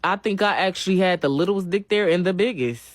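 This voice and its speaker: A woman's voice: on the low side, brisk, dry recording. A woman talking in a blunt, slangy, joking way during a casual storytime. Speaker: vlogger.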